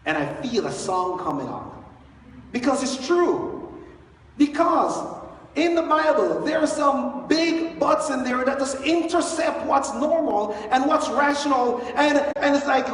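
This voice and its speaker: A high-voiced man preaches from a church stage, retelling a story with lively, joking asides. His voice carries from a distance through a big church hall with a long, echoing reverb. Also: a little slow. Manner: animated, storytelling with playful asides. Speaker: pastor. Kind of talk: Easter sermon. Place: large church sanctuary.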